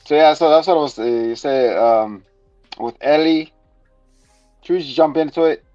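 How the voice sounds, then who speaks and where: A male co-host chats loosely and jokes as he reviews a show, rambling from one gag to the next. His voice sits at an ordinary pitch, recorded dry and dull, as on a modest home setup. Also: moderate pace, dark tone, dry recording, faint music behind. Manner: joking, rambling, playful. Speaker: podcast co-host. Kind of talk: casual comedic review chat.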